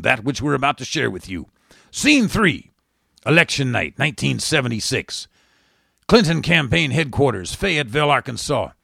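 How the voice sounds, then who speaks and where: Gravelly sardonic male talk host. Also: medium pitch, pushed and bright, dry recording, studio quality. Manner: sardonic, mocking asides. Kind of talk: satirical radio commentary.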